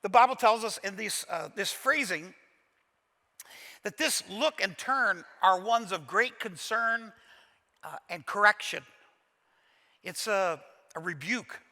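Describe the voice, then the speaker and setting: A pastor from Kentucky retells a scene dramatically from the pulpit of a large, echoing church auditorium, mixing in folksy humor. His voice sits high and sounds pushed and bright.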